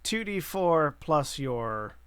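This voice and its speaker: A man running a tabletop game as game master, explaining the rules quickly, with playful asides. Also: a little high, sing-song, very noisy.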